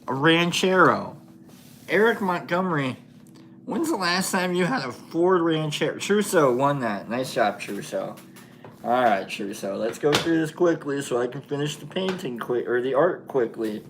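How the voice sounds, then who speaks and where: A man's voice: medium pitch, gravelly, a bit bright, a little hiss or hum. A man hosting a casual livestream, chatting with viewers while he paints, laughing often and thinking aloud with many fillers. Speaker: livestream host.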